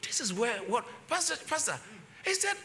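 A man preaching a sermon, shifting from quick low talk to loud shouted emphasis and repeating phrases. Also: sing-song.

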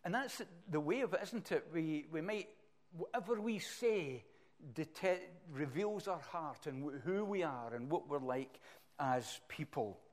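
A middle-aged Scottish man preaching a sermon, emphatic and animated, swinging between loud bursts and quiet asides. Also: a little high, measured pace. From Scotland.

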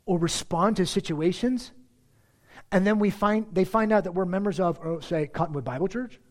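A man preaching a sermon as pastor, conversational and animated, talking straight to his congregation. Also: high voice. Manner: animated, acts out everyday dialogue in different voices; conversational, addresses the congregation directly.

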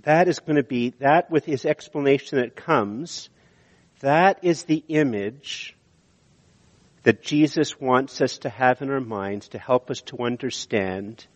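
Earnest man preaching in an echoing hall. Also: medium pitch. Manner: earnest, slows down to stress key words. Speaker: pastor. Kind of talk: sermon. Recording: dull audio with long hall reverb.

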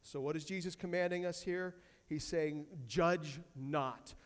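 A man's voice: high voice, little pitch movement, moderate pace, smooth, in a large hall. A man preaching a sermon as pastor, emphatic, repeating key phrases and quoting scripture from a church sanctuary.

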